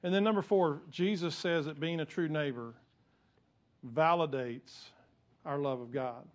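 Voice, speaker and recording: A man's voice: a little high, unhurried. A male pastor, preaching a sermon in a conversational way that builds to emphatic peaks.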